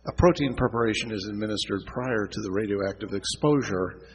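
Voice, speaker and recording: A man's voice: lowish voice, brisk, in a large hall, highs cut off, a little hiss or hum, natural voice. A man voicing a fussy young male scientist with a nasal voice, in a story read aloud. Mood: earnest.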